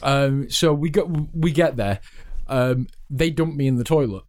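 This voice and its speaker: A man's voice: mid-range voice, darkish tone. A man telling a long story in casual chat, stopping and restarting as he goes. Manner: halting storytelling with restarts and fillers.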